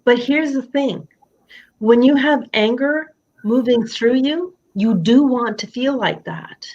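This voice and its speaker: Woman coaching with lively quoted asides. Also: a little high, takes it slowly, dull audio. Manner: lively, acts out quoted thoughts in other voices. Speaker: coach hosting a live session. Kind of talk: candid coaching conversation. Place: home office upstairs.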